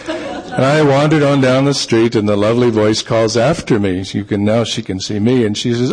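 A man, an author, telling a personal story in a relaxed, unhurried way with frequent pauses and ums. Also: lowish voice, slightly rough. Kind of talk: storytelling talk.

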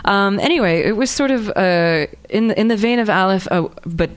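A woman's voice: mid-range voice, moderate pace, clean tone. A woman author reading her own fiction aloud, then answering questions in a hesitant, filler-heavy way. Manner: hesitant, many fillers and restarts when speaking freely. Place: live reading event.

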